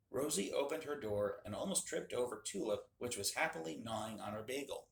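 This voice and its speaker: Man, reading a children's story aloud, gravelly voice, roomy echo. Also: medium pitch, animated, a little fast, few pauses. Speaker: club member reading aloud. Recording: echoey room with faint hum.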